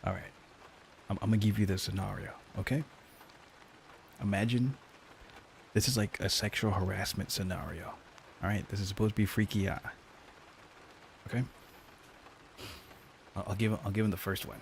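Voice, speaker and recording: A man's voice: on the low side, fairly even intonation, normal speed, creaky, pauses often, a little hiss or hum. A man streaming and chatting with his viewers in a rambling, joking way, using a lapel mic. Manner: rambling, joking, talks to chat. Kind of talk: casual live-stream chat.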